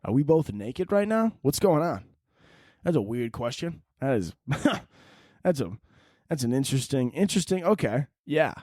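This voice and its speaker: A man hosting a solo podcast, rambling through a crude, profane comedic monologue with animated swings in his delivery. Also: medium pitch, normal speed, dry recording, clean studio sound. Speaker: podcast host.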